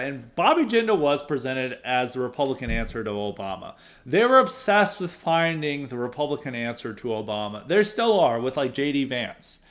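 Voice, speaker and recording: A man hosting a podcast, talking in a casual, opinionated commentary style. He rambles through thoughts with frequent asides and chuckles, at an ordinary middle pitch for a man. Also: animated, normal speed. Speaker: podcast host.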